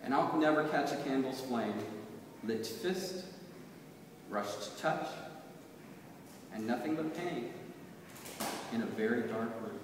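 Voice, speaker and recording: A man reciting his own poems in a measured, rhythmic way at a reading. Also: mid-range voice, lively intonation, background noise. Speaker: poet. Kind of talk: poetry reading. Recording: echoey hall from far off.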